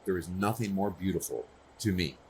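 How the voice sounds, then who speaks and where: A man gives an earnest, personal conference talk in a conversational style, often checking in with the audience. His voice is low-pitched and a little fast, with slight background noise.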